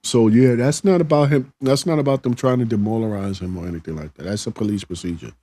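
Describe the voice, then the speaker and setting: A man's voice: fairly low pitch, quick pace, warm tone, no echo. A middle-aged man hosting a live show, talking in a plainspoken, conversational way with frequent restarts as he reads out viewer comments. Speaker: host reading viewer comments. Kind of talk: casual live-stream chat.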